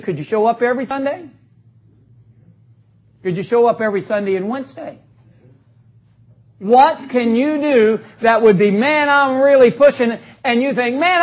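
A man preaching an energetic sermon in a church, joking with the congregation and calling for responses. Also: very high-pitched, slightly rough. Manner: calls out to the congregation, joking, rising to loud exclamations. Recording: dull lo-fi recording.

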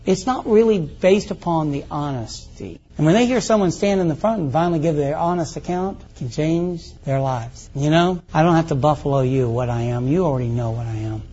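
A man's voice: fairly high pitch, a little fast, few pauses, mellow, husky. A middle-aged male pastor preaching a folksy, conversational sermon full of rhetorical questions. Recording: muffled lo-fi recording.

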